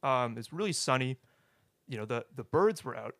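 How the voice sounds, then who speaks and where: A young man casually telling his personal faith story as a guest, halting and restarting, often tagging "right?". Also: mid-range voice, lively intonation, fairly bright tone, dry recording. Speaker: guest sharing testimony.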